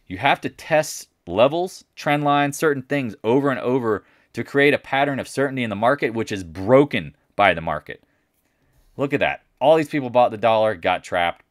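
A man's voice: lowish voice, no echo, clean studio sound. A man hosting a casual market recap, talking bluntly and boastfully, with mocking asides. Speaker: market commentary host.

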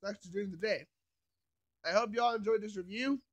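A man's voice: sits high, fairly quick, lo-fi sound. A man giving a casual, rambling review of a cartoon episode, sleepy and yawning, padded with filler phrases.

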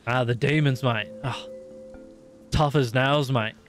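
A man's voice: medium pitch, a little slow. An Australian man streaming a survival game, swearing and joking in mock outrage. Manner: lively, swears a lot, jokey mock-outrage. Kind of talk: casual gaming commentary. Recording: game music behind the voice. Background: game music.

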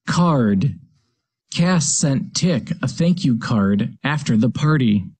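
A man's voice: medium pitch, animated, takes it slowly, a little mellow, slightly rough, dry recording. A man reading spelling words in a scripted dictation, saying each word, a sentence with it, then the word again. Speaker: recorded dictation voice.

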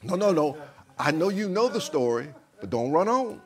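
A man's voice: on the high side, big pitch swings, moderate pace. A man preaching a sermon as pastor, acting out a king's confused voice and talking back and forth with his congregation.

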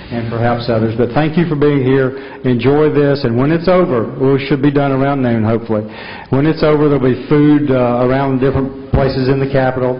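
A man with a clipped North Georgia mountain accent speaks from the floor of a large legislative chamber. He sounds folksy and earnest and pauses often with "uh". His voice rings out with a long reverb, and the broadcast audio is dull. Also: medium pitch. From North Georgia, USA. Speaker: state senate majority leader. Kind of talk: formal floor address.

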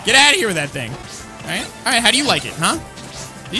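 A woman commenting on her own gameplay, excitable and slangy, often yelling at the screen. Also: medium pitch, fast talker. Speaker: gaming channel host. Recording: loud game music behind voice. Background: game music.

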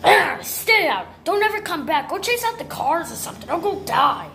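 A woman's voice: extremely high pitch, sing-song, moderate pace, gravelly, a bit bright, pitched above the performer's own voice, full character voice. A woman voicing a bossy, mean-spirited puppet who throws the family dog out, in a homemade puppet movie. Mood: snappy.

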